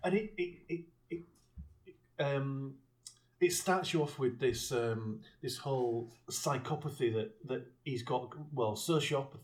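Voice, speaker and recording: A man's voice: medium pitch, unhurried. A man co-hosting a podcast, recapping a film in casual chat, rambling with restarts and occasional chuckles and swearing. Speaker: podcast co-host.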